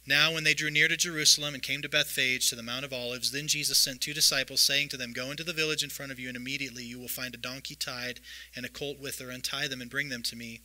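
A man preaching a sermon, reading scripture aloud and retelling the stories in a lively way. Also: mid-range voice, fast, low-quality recording. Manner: lively storytelling, reads scripture aloud with voiced asides. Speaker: pastor.

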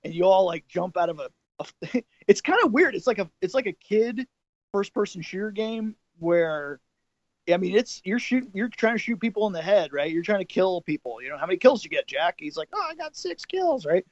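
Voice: medium pitch, lively intonation, moderate pace, no echo. Middle-aged person rambling thru war stories on a podcast, muffled dry sound. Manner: rambling anecdotes full of fillers and restarts. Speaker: podcast co-host. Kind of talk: casual storytelling chat.

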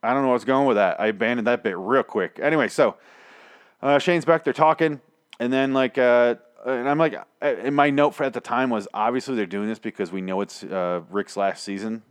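A man's voice: mid-range voice, fairly quick, smooth, no echo, clean studio sound. A man casually recapping a TV episode on a podcast, rambling and ranting with plenty of swearing.

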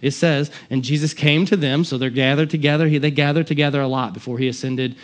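Man, pastor, sermon, impassioned, slightly raised pitch. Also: fairly even intonation, quick pace. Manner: impassioned, swings from loud emphasis to quiet asides.

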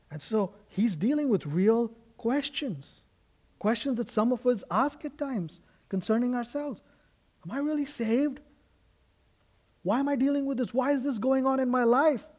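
A man's voice: high voice, darkish tone. A man preaching a sermon as a guest pastor in a church, earnest and emphatic, with frequent restarts. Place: church sanctuary.

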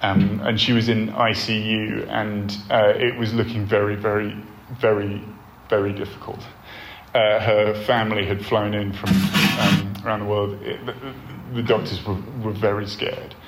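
A man, a church leader giving a sermon-style talk, earnest and animated, with frequent ums and restarts. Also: fairly low pitch, normal speed. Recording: roomy hall with faint background noise.

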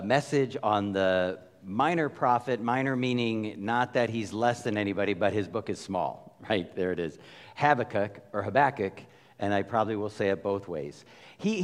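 Animated pastor in a reverberant hall. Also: male voice, medium pitch. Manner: conversational, animated retelling with asides. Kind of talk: sermon. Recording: long reverb of a large hall.

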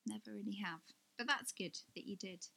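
A woman co-hosting a podcast, chatty and quick to laugh, asking lively questions. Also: mid-range voice, vocal fry. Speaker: podcast co-host. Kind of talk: casual chat.

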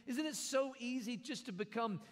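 A man's voice: very high-pitched, moderate pace, long reverb tail. A man preaching a sermon, conversational, with jokes and repeated phrases. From American South. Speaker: pastor.

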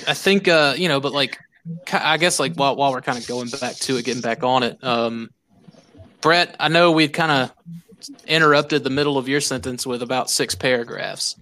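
Bright-voiced, rambling male podcast host. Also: medium pitch, moderate pace. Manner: rambling, many fillers and restarts. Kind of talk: casual chat.

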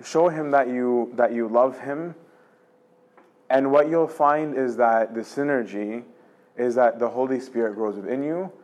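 Casual animated man giving a lecture. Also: medium pitch, measured pace. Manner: casual and animated, many fillers and "right?" tags; acts out quoted voices of God and the soul. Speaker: lecturer on spiritual life. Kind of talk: informal religious lecture.

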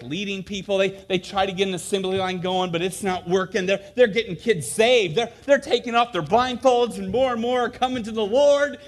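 A man preaching a sermon, telling a camp story with acted-out voices and many fillers and restarts. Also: sits high.

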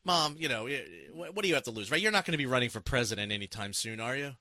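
Animated, profane man telling stories. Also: medium pitch, rapid-fire, no room sound. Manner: animated, profane, laughing, many restarts. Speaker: host telling a story and reading comments. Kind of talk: casual storytelling chat.

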